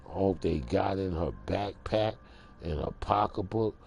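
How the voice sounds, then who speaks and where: A man's voice: low voice, unhurried, vocal fry, a little mellow, soft background music. A man ranting casually to camera in a streetwise, emphatic way. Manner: streetwise, emphatic, repeats "bro". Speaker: vlogger.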